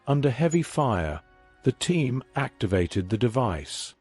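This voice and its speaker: A man giving a scripted story narration in a measured, even reading. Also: medium pitch, breathy edge, no echo, faint music behind.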